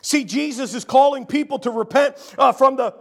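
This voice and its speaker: A man delivers a sermon in a strikingly high voice with a gravelly edge. He works through scripture aloud, repeating his key lines and filling pauses with frequent uhs, now and then rising to a shout. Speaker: pastor.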